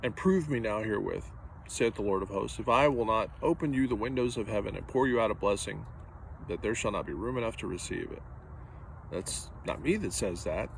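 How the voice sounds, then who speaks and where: A man's voice: lowish voice, brisk, vocal fry, slight background noise. A man preaching a sermon as pastor, earnest and direct, driving points home with repetition.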